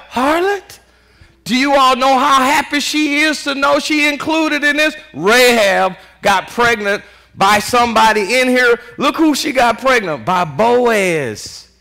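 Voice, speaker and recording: A man preaching a sermon as pastor, in animated call-and-response style with constant "Amen" and casual vernacular with "y'all". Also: very high-pitched, creaky. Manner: Southern US Black vernacular speech, "y'all".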